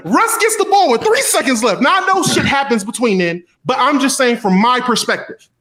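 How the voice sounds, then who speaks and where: A man with a high voice tells a story on a casual podcast. He is animated and profane, mocking as he goes, and his pitch jumps around a great deal. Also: fairly quick. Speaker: podcast co-host.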